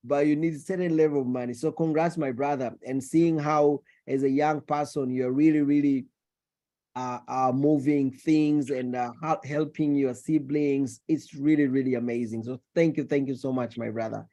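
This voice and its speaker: A man's voice: medium pitch, fairly even intonation, normal speed, warm tone. A man hosting an online business meeting, effusive and joking, often repeating words. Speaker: meeting host. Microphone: video call.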